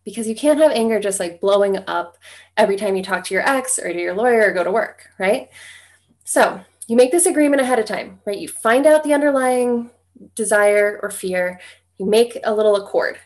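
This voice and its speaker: A young adult woman, a divorce coach, talks straight to camera in an easygoing, conversational way, tagging her points with "right?" to check in with listeners. Her mid-range voice is expressive and fairly quick.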